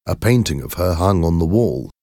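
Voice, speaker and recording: A man reading a first-person story aloud in a slow, measured, clear way. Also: sits low, lively intonation, darkish tone, no room sound, studio quality. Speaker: narrator.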